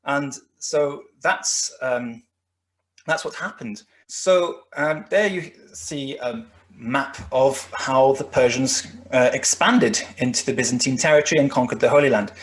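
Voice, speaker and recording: With an unhurried, mid-range voice, this guest lecturer walks through history on slides. He wanders as he goes, restarting sentences and dropping in plenty of fillers.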